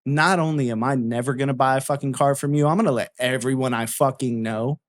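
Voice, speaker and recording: A man's voice: medium pitch, fairly even intonation, a little fast. A man telling a story in casual chat, swearing freely and acting out both sides of a heated argument.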